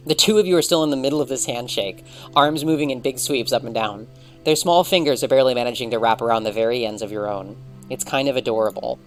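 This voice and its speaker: A man reading a visual novel aloud, narrating in the second person with wry, expressive delivery. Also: mid-range voice, fast, faint music behind. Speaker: let's read narrator.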